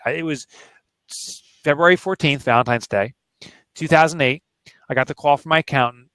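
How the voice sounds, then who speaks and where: An author in his forties, appearing as an interview guest, shares a candid personal story in an earnest, emotional and plain-spoken way. His mid-range voice has a fairly bright, clear and resonant tone, with no echo.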